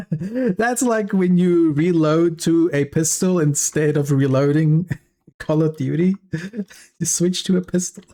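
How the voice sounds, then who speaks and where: On a livestream, a man with a South African accent, an Afrikaans native speaker, chats casually and reads the chat aloud. His voice runs on the high side and sounds warm, though he seems tired after a long session, rambling with halting restarts and frequent chuckles.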